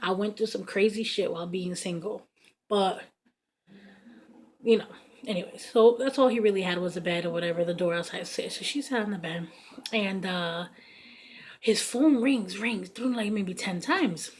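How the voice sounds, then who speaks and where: A woman's voice: medium pitch, moderate pace, a little hiss or hum. A woman in her thirties telling a personal story in casual storytime fashion, blunt and profane, with lots of fillers. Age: 30s. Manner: blunt, profane, animated retelling full of fillers.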